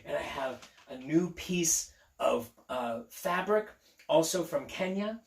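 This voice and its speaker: Upbeat, silly male teacher for a kids' read-aloud; slow, gravelly delivery, phone mic in an echoey room. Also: a little high, expressive. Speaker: teacher reading aloud to children. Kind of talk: playful read-aloud and chat to young kids. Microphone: phone propped on a table.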